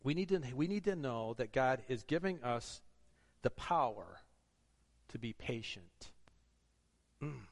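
A man's voice: medium pitch, lively intonation, unhurried, long pauses. A man preaching a sermon, earnest and exhorting, asking the congregation rhetorical questions. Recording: long hall reverb.

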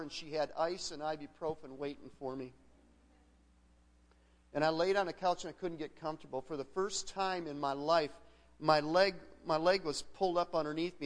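A middle-aged man, a guest pastor, preaching a sermon as a conversational personal story with frequent restarts. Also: a little high. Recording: long hall reverb.

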